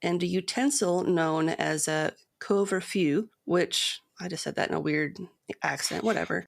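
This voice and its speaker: A woman co-hosting a podcast, reading a long poem and source quotes aloud in a measured storytelling cadence, then chatting casually. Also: low voice, gravelly. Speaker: podcast co-host.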